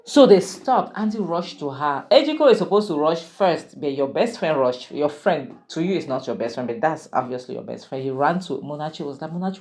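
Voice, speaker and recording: A woman retelling a drama series in a relaxed, gossipy way. Her voice sits low, and she throws in exclamations and opinions as she goes. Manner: chatty and opinionated, with exclamations and asides. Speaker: drama reviewer. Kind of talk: casual spoken recap of a drama series.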